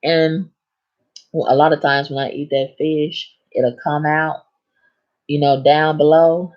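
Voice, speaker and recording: A woman's voice: low-pitched, level tone, slow, lo-fi sound. A woman chatting frankly on a casual livestream, laughing at her own stories. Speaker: livestream host.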